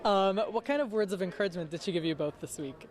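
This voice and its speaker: A woman's voice: medium pitch, quick pace, darkish tone. A woman entertainment reporter asking questions in a friendly, chatty way. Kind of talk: interview questions.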